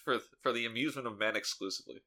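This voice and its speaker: A man's voice: medium pitch, very fast, bright, forceful tone. A man co-hosting a podcast in casual chat, talking with dry, sarcastic humor. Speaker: podcast co-host.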